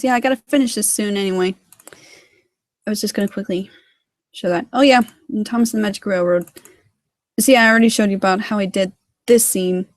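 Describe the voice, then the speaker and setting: A woman's voice: fairly high pitch, no room sound, clean studio sound. A woman giving a casual livestream tutorial on her animation work, rambling with lots of fillers. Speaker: hobby sprite animator.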